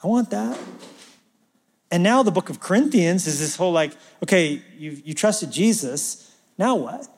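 A man preaching a sermon as pastor, talking like a conversation and swinging from loud emphasis to near-whispers. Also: sits high, expressive, normal speed, long reverb tail.

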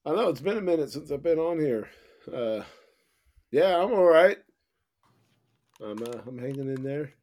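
A man on a podcast with a hoarse, worn voice, trading laid-back crude jokes. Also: fairly high pitch, lively intonation, moderate pace, long pauses, darkish tone. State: hoarse, little voice. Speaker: podcast guest co-host. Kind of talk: crude casual chat.

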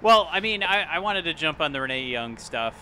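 A man's voice: on the high side, lively intonation, brisk, pushed and bright, a little hiss or hum. A man co-hosting a podcast in casual chat, rambling and searching for words as he goes. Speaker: podcast co-host.

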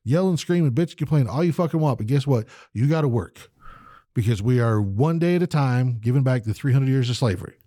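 A man's voice: mid-range voice, expressive, brisk, dark tone, no room sound, studio quality. A man co-hosting a podcast in a profane casual chat, ranting, swearing constantly and mimicking people. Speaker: podcast co-host.

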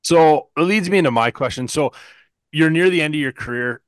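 A man hosting a podcast, asking a guest questions in a relaxed, conversational way. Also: on the high side, a little fast, no room sound. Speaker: podcast host. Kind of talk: casual interview questions.

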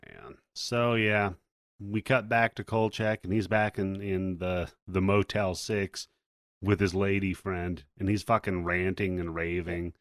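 Low-voiced man recapping a movie. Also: unhurried, no room sound, clean studio sound. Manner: relaxed storytelling, acts out quotes. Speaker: podcast co-host. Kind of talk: casual plot recap.

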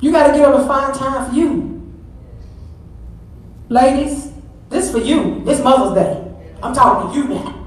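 A pastor's wife in middle age delivers a Mother's Day sermon in a large church sanctuary, conversational and emphatic with lots of repetition. Her high-pitched voice moves at a measured pace and pauses often. The distant mic catches plenty of sanctuary echo.

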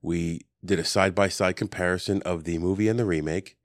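A man's voice: low-pitched, steady tone, a little fast, dry recording, studio quality. A man hosting a casual podcast chat, rambling and joking with plenty of ums. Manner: rambling, jokey, lots of ums. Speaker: podcast host. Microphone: desk podcast mic.

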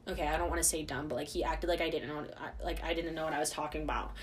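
A woman's voice: low-pitched, steady tone, racing, slight background noise. A woman in her twenties hosting a podcast, chatting casually and rambling with lots of fillers. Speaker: podcast host. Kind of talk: casual solo chat.

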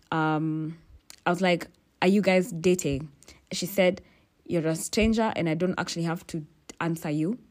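Young woman podcast host, lowish voice, candid, cussing storyteller. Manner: ranting, profane, exasperated asides; frequent fillers and restarts.

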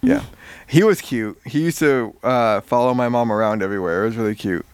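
A man recapping a story in casual chat, animated and swearing freely. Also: mid-range voice, a little fast, clean tone, no echo. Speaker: podcast co-host.

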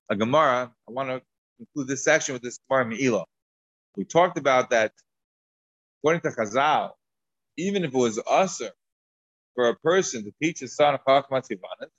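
A man's voice: medium pitch, no echo. A man teaching a Talmud class, rambling through asides and restarts. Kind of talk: Talmud lesson lecture. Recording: dull dry lo-fi recording.

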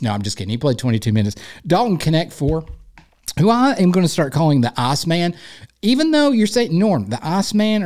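A man with an East Tennessee accent talks solo on his sports podcast. He rambles and jokes and pokes fun at himself in an easy, casual monologue. His voice sits a little high for a man. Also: a little mellow. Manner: rambling, jokey, self-deprecating. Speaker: podcast host.

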